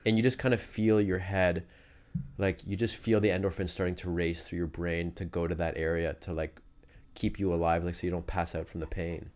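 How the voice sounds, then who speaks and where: A man casually recounting his fighting days in a loose, animated way, full of fillers. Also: low voice, a little fast. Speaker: guest telling fight stories. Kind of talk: casual conversational storytelling.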